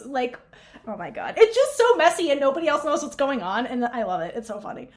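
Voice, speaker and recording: Woman podcast cohost gushing through a recap, voice bouncing all over, laughs a lot, kinda high. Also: quick pace. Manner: animated, laughs often, acts out characters' lines. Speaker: podcast co-host. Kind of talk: casual recap chat.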